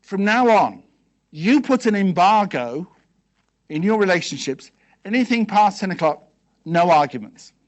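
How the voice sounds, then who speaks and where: A man's voice: high-pitched, very animated, highs cut off. Chatty man lecturing a live crowd. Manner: quizzes the audience with quick questions; conversational, peppered with "okay" and "yes?". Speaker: seminar speaker. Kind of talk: motivational seminar talk. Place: hall with a live audience.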